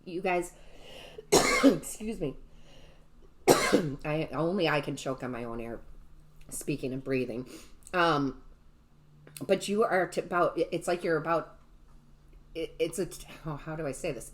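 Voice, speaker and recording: A woman's voice: low-pitched, unhurried, pauses often. Gushing woman giving a tarot reading. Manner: gushing and enthusiastic, often asks "right?" and addresses viewers as "guys". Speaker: tarot reader and medium. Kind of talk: casual intuitive tarot reading to camera.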